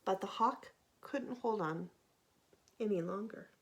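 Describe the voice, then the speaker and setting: A woman teacher reading a picture book aloud to children, pausing to ask them questions. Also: medium pitch. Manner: animated, asks the listeners questions.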